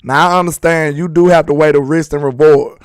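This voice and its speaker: A man hosting a casual sports talk stream, slangy and emphatic, speaking straight to his viewers, his voice a bit hoarse. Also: on the high side, fairly even intonation, fairly quick, no room sound. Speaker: sports talk livestream host. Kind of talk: casual sports commentary, reading chat.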